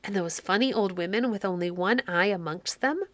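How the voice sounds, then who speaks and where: A woman voicing an eager little girl, bright with excitement. The reading is dry and close. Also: medium pitch, normal speed, no room sound, natural voice. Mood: delighted.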